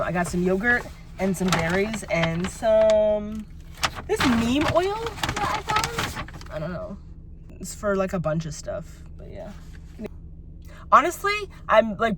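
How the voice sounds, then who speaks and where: A woman vlogs to her phone in a personal rant, venting at length in a rambling, exasperated way with plenty of filler words. Her voice is medium-pitched, and there's slight background noise.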